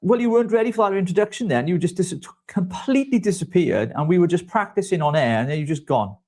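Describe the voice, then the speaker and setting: A man co-hosting a live online show in a casual, jokey, flattering way. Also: sits high, fast. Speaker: co-host. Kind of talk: casual live-stream chat.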